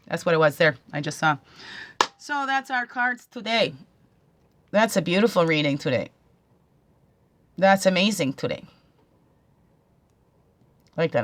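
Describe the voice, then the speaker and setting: Soft-spoken woman giving a spiritual card reading. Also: on the low side, a little slow, long pauses. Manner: soft-spoken, musing, often asking "right?"; swings from hushed to emphatic when preaching. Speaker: spiritual guide and card reader.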